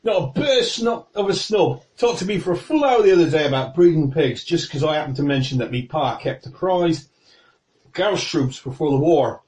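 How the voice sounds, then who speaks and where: Brief: man doing a jolly, toothy old farmer in a tabletop game; raised pitch, rustic and fawning. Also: expressive, normal speed, darkish tone, echoey room, natural voice. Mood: cheerful gossip.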